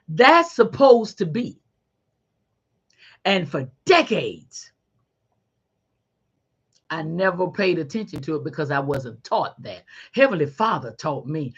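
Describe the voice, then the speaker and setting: A middle-aged woman hosting a podcast, giving a faith-based motivational talk in a folksy, animated way and calling listeners honey. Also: low voice, slow, long pauses, husky, dull audio. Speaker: podcast host.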